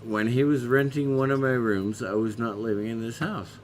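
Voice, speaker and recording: A man telling a personal story on a group live stream, halting and restarting. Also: mid-range voice, fairly even intonation, a little hiss or hum. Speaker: stream guest, former landlord. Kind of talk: casual anecdote on a live stream.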